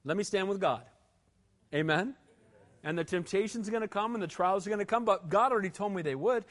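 A man's voice: high-pitched, fairly quick, fairly bright tone. A man preaching a sermon in a conversational, emphatic way, often asking the room for an amen. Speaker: pastor.

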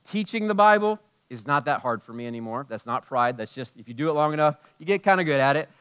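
A man's voice: fairly high pitch, lively intonation, fast, a bit bright, clean tone. A man preaching a sermon as pastor, telling personal stories in a loose, conversational way, with lots of "like". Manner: conversational, storytelling, peppered with "like".

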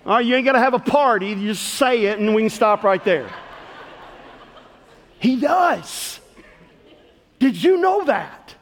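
A middle-aged man preaching as pastor to a congregation in a church, swinging between loud calls and hushed words. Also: extremely high pitch, expressive, measured pace, pauses often, a little hiss or hum. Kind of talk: sermon. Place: church sanctuary. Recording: long hall reverb.

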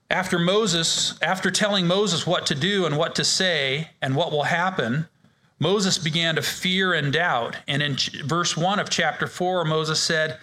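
A man's voice: fairly high pitch, measured pace, bright, forceful tone. A man leading a men's ministry Bible study in a casual, joking way, often restarting his sentences. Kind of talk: informal Bible study teaching.

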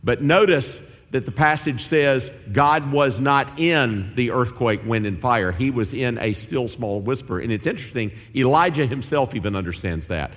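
A man preaching a sermon, animated and acting out the voices of biblical figures. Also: mid-range voice, moderate pace, hardly any pauses. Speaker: pastor. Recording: long hall reverb.

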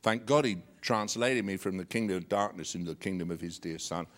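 A man's voice: deep voice, fairly quick. A male pastor preaching a sermon, reading scripture and joking with a chuckle between verses.

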